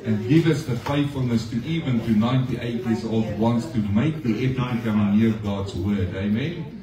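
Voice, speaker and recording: A man's voice: mid-range voice, normal speed, distant mic, a crowd in the background. A male pastor giving a conversational sermon to his congregation, often asking them questions. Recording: echoey room, speaker off-mic.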